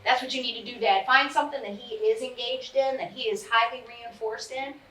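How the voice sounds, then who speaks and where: A woman leading a parent training session in a casual, animated way, often acting out what kids and parents say. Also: on the high side, brisk. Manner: animated and chatty, acting out quotes. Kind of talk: casual coaching talk. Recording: echoey room, mic at a distance.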